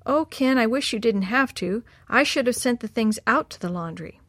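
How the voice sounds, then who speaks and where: A woman voicing an ill, tired mother who speaks softly and reassuringly in a storybook reading. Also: fairly high pitch, animated, moderate pace, no room sound, clean studio sound. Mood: gentle. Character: sick tired mother, gentle.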